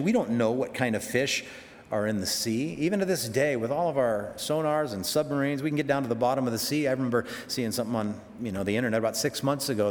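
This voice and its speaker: A man's voice: mid-range voice, in a large hall. A man preaching a sermon, conversational and emphatic, full of rhetorical questions.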